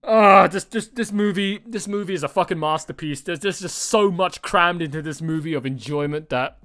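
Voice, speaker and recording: A man hosting a movie reaction video, talking excitedly and rambling, with frequent swearing and restarts. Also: high voice, moderate pace, dry recording, studio quality. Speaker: reaction channel host. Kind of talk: casual movie reaction chat.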